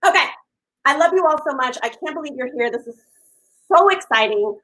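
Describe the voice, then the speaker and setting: Woman, 50s, live stream host: effusive, loud, bright and lively voice. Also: high-pitched, a little fast, low-quality recording. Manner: effusive and gushing, talks loudly. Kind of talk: casual live stream chat.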